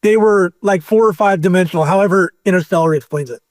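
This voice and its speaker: Male guest, high pitch, animated rambling storyteller, dry mic. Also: quick pace, dry recording. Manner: rambling, animated storyteller who acts out quotes. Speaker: podcast guest. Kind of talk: casual storytelling chat.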